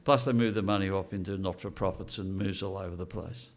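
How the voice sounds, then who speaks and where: A man's voice: deep voice, fairly even intonation, fast talker. An older man giving a blunt, unscripted speech to an audience and asking rhetorical questions. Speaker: speaker at a political launch event.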